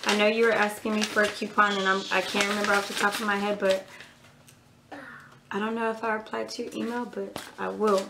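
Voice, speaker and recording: A woman's voice: mid-range voice, little pitch movement, gravelly, noisy background. Chatty woman opening fan mail. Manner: chatty, gushing, fast asides. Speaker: couponing vlogger. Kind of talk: casual mail-opening chat.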